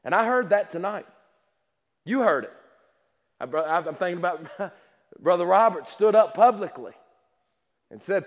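A man's voice: high voice, moderate pace, fairly bright tone. A man preaching a sermon with passion, repeating words and restarting his sentences. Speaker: pastor. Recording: long hall reverb.

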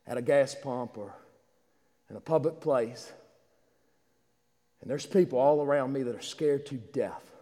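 A man's voice: medium pitch, darkish tone, big-room sound. A man preaching a fervent, repetitive livestreamed Easter sermon in a small church, with frequent restarts.

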